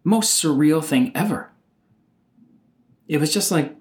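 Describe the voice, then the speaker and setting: A middle-aged man telling a personal story in an animated, exasperated way, sometimes mimicking other people. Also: fairly high pitch, slow pace.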